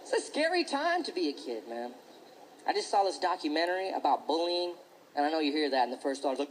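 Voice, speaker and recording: A male stand-up comedian performing a set on stage, talking in an animated way and switching into mocking voices. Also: on the high side, quick pace, a little hiss or hum, rough recording. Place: comedy stage before an audience.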